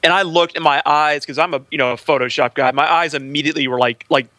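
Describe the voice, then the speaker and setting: A man's voice: on the high side, steady tone, fast, bright, forceful tone, no echo. A man co-hosting a casual podcast, ranting crudely with lots of profanity. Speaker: podcast co-host.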